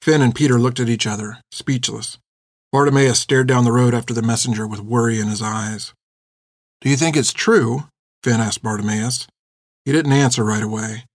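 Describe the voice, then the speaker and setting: A man giving measured, expressive scripted narration of a storybook. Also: mid-range voice, no room sound, studio quality. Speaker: audiobook narrator.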